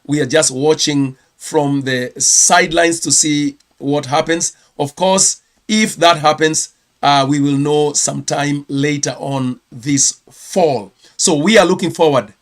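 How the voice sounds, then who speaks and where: A man from Kenya with a Kenyan accent, hosting a casual ministry news roundup, chatty and quick to correct himself. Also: a little high. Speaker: ministry host.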